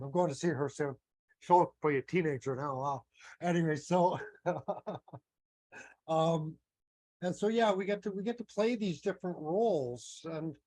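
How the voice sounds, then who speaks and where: A man in his thirties, an astrology teacher, talking in a relaxed, rambling way with fillers. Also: on the high side, dry recording, low-quality recording. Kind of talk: casual conversational talk.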